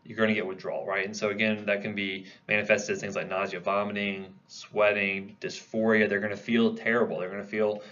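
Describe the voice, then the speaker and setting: A man's voice: on the low side, level tone, fairly quick, few pauses, fairly bright tone, lo-fi sound, slight background noise. A man giving a classroom lecture in a conversational way, posing questions to the class and answering them himself. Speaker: pharmacology lecturer.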